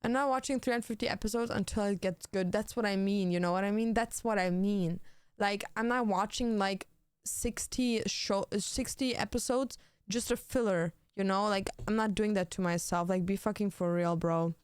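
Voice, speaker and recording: A woman's voice: mid-range voice, steady tone, moderate pace, clean tone, no echo, clean studio sound. A young woman streaming, chatting casually while she plays, blunt and swearing freely with lots of fillers. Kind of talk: casual chat while gaming.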